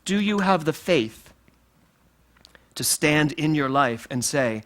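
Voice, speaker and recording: A middle-aged man preaching a sermon as minister of a spiritual center, playful and animated, often laughing through his points. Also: mid-range voice, measured pace, pauses often.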